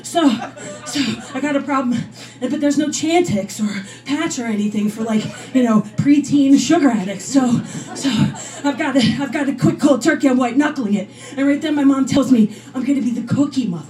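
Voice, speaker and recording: A woman comedian tells her story with energetic, animated stand-up delivery. Her voice sits fairly high. It sounds a little back from the mic. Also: fairly quick, distant mic, faint music behind.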